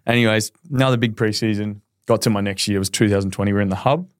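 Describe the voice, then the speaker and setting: A quick-talking Australian man in his thirties, a podcast guest, tells his story in a candid, rambling way and acts out the quotes. His voice sits a little low. The sound is dry and close. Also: steady tone, no echo. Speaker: podcast guest, professional footballer. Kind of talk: casual podcast interview.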